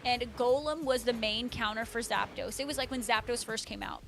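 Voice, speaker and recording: A woman's voice: fairly high pitch, a little fast, creaky, fairly bright tone, faint music behind. A woman hosting a live stream, chatting casually with viewers, laughing often and answering them by name. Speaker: livestream host.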